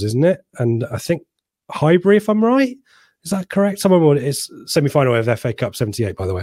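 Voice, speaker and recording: A man's voice: medium pitch, a little mellow, dry recording, clean studio sound. A man with an English accent hosting a casual football podcast, stumbling over words and reading out the live chat. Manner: hesitant, repeats words, reads the live chat. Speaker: podcast host.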